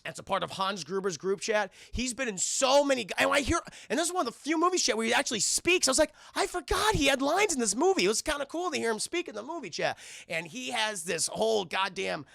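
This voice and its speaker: A man's voice: high-pitched, lively intonation, fast, vocal fry, fairly bright tone, no room sound, clean studio sound. A man casually recapping a film scene by scene for his stream chat, swearing freely and acting out the characters' lines. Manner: profane, keeps addressing the chat, acts out movie lines.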